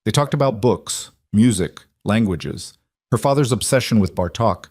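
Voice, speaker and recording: A man narrating a scripted story in a measured, steady way. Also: on the low side, breathy edge, dry recording, studio quality.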